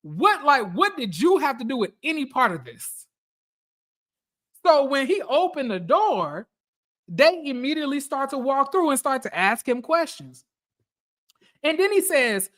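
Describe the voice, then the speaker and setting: Male podcast host, high voice with wildly swinging pitch, profane, ranting recap delivery, acts out quoted reactions. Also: sing-song, normal speed, a bit bright. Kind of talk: casual reality TV recap commentary.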